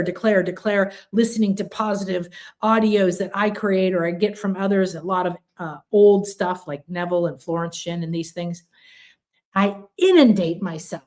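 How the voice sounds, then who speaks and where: An older woman leads a spiritual gathering in a mid-range voice, with an earnest, affirming delivery. She piles up repeated words and slips into lively little acted quotes of her own thoughts. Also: medium pitch. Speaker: spiritual teacher. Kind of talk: spiritual talk to a group.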